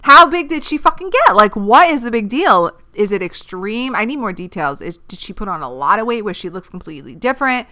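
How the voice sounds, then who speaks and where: A woman in her thirties talks through dating advice on her podcast, blunt and quick to swear. Her voice is bright and smooth, and she sounds fired up and opinionated as she rants. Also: medium pitch. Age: 30s. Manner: blunt, profane and animated, giving dating advice. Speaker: podcast host. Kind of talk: casual podcast monologue.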